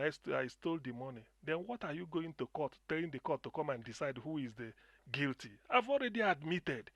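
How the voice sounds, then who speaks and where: A middle-aged Nigerian man calls in with passionate commentary, impassioned and repetitive, frequently restarting his sentences. His voice is fairly high with a fairly bright tone. The recording is dry.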